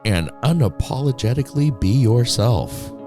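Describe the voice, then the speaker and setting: A man's voice: medium pitch, lively intonation, moderate pace, dark tone, faint music behind. A man co-hosting a casual chat podcast, enthusiastic and supportive. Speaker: podcast co-host.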